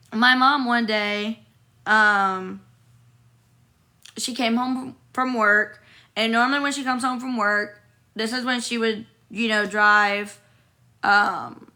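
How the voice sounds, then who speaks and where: A young woman, her voice hoarse from illness, speaks into her phone on a hotel-room livestream, reacting to viewer comments. Medium in pitch, bright and forceful, she vents casually, bluntly and with plenty of profanity, drifting between grievances.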